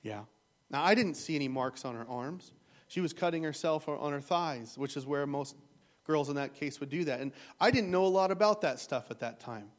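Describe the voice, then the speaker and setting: A man's voice: fairly high pitch, normal speed. A man preaching a sermon as pastor, retelling a story in an earnest, emotional way.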